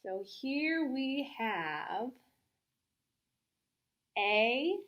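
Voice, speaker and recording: A woman hosting a children's storytime at a library, reading aloud in an animated way and coaxing young listeners with questions. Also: a little high, extremely slow, dull audio.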